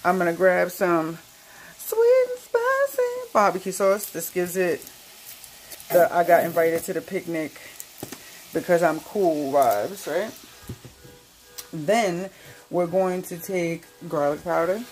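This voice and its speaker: A sassy woman hosts a cooking demo and jokes straight to her viewers. Her voice sits a little low and she takes her time. Faint frying and sizzling come from the pan behind her. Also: steady tone, slow pace, pauses often, darkish tone, a little hiss or hum, rough recording. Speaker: cooking channel host. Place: home kitchen.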